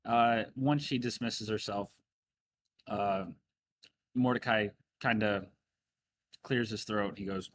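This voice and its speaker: Male game master with a low voice, narrating a tabletop game casually. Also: fairly even intonation, takes it slowly, long pauses, slight background noise. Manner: casual, filler-heavy narration.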